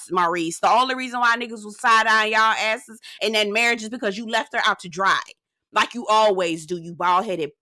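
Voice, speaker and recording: A woman's voice: medium pitch, dry recording, studio quality. A woman hosting a casual reality TV recap, telling it in an outspoken, sassy, profane and gossipy way. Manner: animated, gossipy storytelling. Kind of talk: casual commentary.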